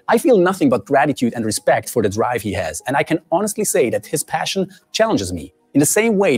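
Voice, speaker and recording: Animated, breathy man narrating a video. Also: medium pitch. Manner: sarcastic, theatrical. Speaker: video essayist.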